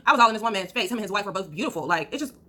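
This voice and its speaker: A woman vlogger telling a casual storytime, animated and acting out what people said. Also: medium pitch, rapid-fire, slight background noise. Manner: animated, acts out quotes, trails off with blah blah.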